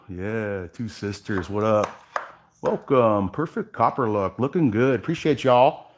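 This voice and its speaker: A man hosting a live workshop demo as an epoxy artist, talking casually and addressing viewers directly, sometimes dropping quiet while he works. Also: lowish voice, unhurried, slight background noise.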